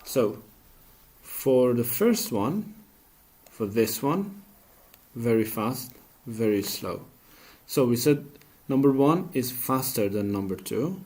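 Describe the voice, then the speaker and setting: Slow, patient male teacher. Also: medium pitch, lively intonation, darkish tone. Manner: slow, patient, asks questions and answers them himself. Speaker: English teacher. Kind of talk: classroom grammar lesson.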